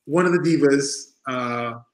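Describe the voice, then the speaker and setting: A man's voice: mid-range voice, a little slow. A man guest, a former wrestler, telling casual stories and acting out the people in them, at a convention venue. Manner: animated, acts out the people in his stories. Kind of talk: casual storytelling. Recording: roomy echo.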